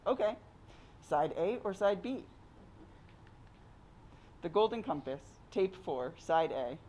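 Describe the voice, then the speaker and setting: An author at a live reading event, soft-spoken and a little hesitant, reading aloud from a graphic memoir. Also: medium pitch, animated, slow, a little hiss or hum.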